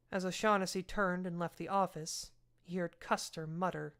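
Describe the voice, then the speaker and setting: A woman reading a novel aloud in a steady, even storytelling voice. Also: lowish voice, moderate pace, clean tone. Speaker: audiobook reader.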